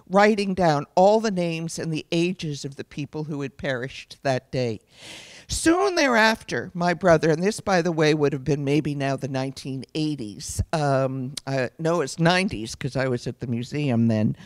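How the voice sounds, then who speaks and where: Here a middle-aged woman from the US speaks as a lecture guest, sharing an earnest testimony full of reflection while pausing to fix her own words. She has a fairly low pitch, and the audio carries no echo.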